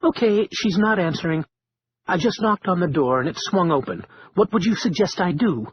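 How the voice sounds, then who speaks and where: A man's voice: high voice, expressive, moderate pace, breathy edge, dry recording, dull audio, pitched above the performer's own voice. A man voicing a jittery, snappish librarian. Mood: tense. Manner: tense, snappish. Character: jittery, rattled middle-aged male librarian.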